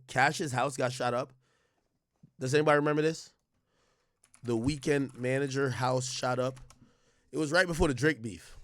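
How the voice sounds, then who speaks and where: A man's voice: on the high side, no echo, studio quality. A young man livestreaming, telling a story to his chat in a casual, profane way and acting out the back-and-forth with quoted voices. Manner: animated, reenacts exchanges with quoted voices; casual and profane, frequent restarts. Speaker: streamer.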